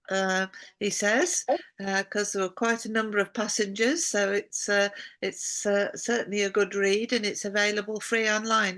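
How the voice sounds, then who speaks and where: Effusive woman hosting an online talk. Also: mid-range voice. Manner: warm and effusive, many fillers. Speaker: host.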